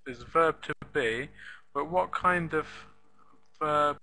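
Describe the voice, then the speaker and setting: Slow, bright-voiced male teacher. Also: a little high, rough recording. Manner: slow, patient, repeats example sentences. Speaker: online English teacher. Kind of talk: live online pronunciation lesson.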